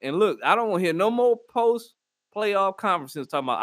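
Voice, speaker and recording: A man's voice: high-pitched, very animated, moderate pace, bright, forceful tone, dry recording, studio quality. A man hosting his own podcast, chatting casually and rambling with jokes and slang. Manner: joking, slangy, rambling banter. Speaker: podcast host. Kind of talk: casual solo podcast chat.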